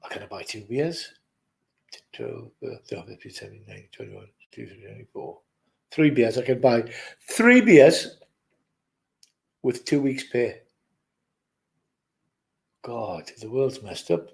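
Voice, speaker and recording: A man's voice: mid-range voice, huge pitch swings, a little slow, gravelly, pauses often, a little mellow, poor audio. A man at his office desk, chatting casually to camera in a jokey, rambling way with muttered asides. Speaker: vlogger.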